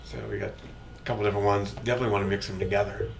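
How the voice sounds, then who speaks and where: A man's voice: on the low side, steady tone, very fast. A man, a comedian and war veteran, talking earnestly and a bit rambling in a casual interview. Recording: echoey, distant mic, loud background noise.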